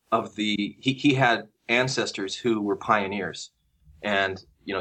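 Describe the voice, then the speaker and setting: Relaxed low-voiced man telling stories. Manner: relaxed, halting with frequent restarts and fillers. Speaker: guest researcher. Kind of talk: casual storytelling conversation.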